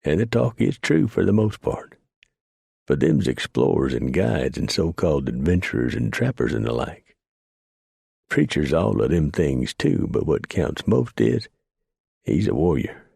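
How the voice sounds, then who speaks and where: Man voicing an old backwoods guy rambling on, raspy deep drawl. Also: sing-song, unhurried, darkish tone, dry recording, studio quality, heavily acted. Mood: earnest. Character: admiring old frontiersman storyteller.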